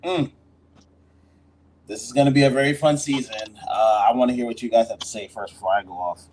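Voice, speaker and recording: A man's voice: mid-range voice, fairly quick, a little mellow, slight background noise, poor audio. A man hosting a sports podcast, giving blunt, slangy takes on players and leading the next topic. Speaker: podcast host. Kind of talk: casual sports chat.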